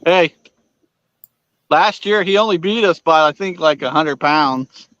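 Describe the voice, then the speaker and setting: A man's voice: fairly high pitch, measured pace, fairly bright tone, no room sound, muffled recording. A man ribbing his friends in casual banter while fishing. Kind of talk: casual chat.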